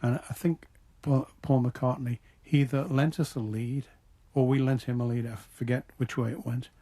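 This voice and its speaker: A man's voice: mid-range voice, fairly even intonation, moderate pace, mellow. Older man with a Liverpool accent. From Liverpool, England. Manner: reflective, with frequent restarts. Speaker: interview guest. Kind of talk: radio interview.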